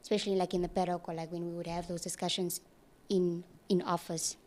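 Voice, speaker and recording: A woman's voice: fairly low pitch, level tone, quick pace, darkish tone. A young woman intern chatting casually in a studio, emotional and giggly, rambling with restarts. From South Africa. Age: young adult. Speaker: departing intern.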